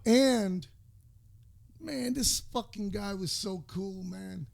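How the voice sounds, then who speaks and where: Gravelly man telling a rambling story. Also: high voice, a little mellow. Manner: rambling, profane, drawn-out storytelling with many fillers. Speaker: podcast co-host. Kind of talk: casual storytelling chat.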